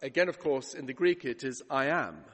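A man's voice: mid-range voice, moderate pace, fairly bright tone. A man preaching a sermon, retelling scripture dramatically and acting out the voices he quotes. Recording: long hall reverb.

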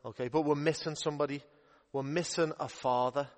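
A young man working as a youth minister, telling a Bible story to children in a playful, upbeat way. His voice sits fairly high for a man. The church hall around him adds a long, ringing reverb. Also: fairly even intonation, fairly quick.

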